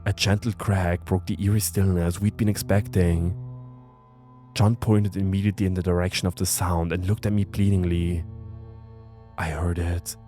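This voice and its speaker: A man narrating a first-person horror story in a tense, measured way. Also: low-pitched, little pitch movement. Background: soft music.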